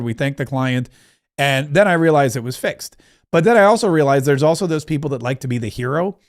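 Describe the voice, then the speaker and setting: A middle-aged livestream host, his voice a touch higher than most men's, chats casually and drifts from one story to the next. He cracks jokes and reads out comments from viewers.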